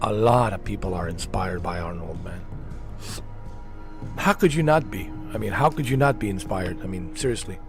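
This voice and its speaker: Over music, a gaming streamer with a deep voice chats casually and enthusiastically at a moderate pace while playing. He repeats himself and drops slang like "man" and "dude."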